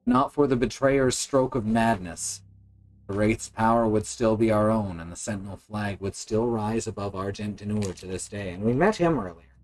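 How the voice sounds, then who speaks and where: A man's voice: fairly low pitch, normal speed, a little mellow, poor audio. A man chatting casually and joking while he plays a game on a live stream. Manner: wry, joking, narrating his gameplay.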